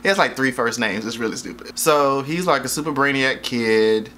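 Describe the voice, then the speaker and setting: A man's voice: mid-range voice, moderate pace, sharp tone, a little hiss or hum. A man casually reviewing a movie in a rambling, jokey, profane way, often losing track of names.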